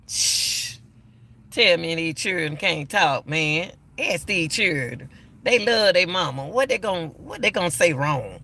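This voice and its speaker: Older male host, gravelly and bright-toned, emphatic casual commentary. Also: fairly high pitch, animated, slow pace, a little hiss or hum. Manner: emphatic, repeats himself. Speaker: YouTube commentator.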